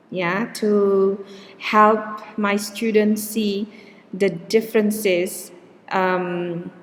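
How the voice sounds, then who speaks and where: A woman with an Indonesian accent teaches a linguistics lesson in a slow, measured way, often pausing on fillers and correcting herself mid-sentence. Her voice sits in a middle range and carries a light reverb tail over faint background noise. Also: medium pitch. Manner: explanatory, with frequent fillers and self-corrections. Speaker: linguistics lecturer. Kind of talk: recorded online lecture.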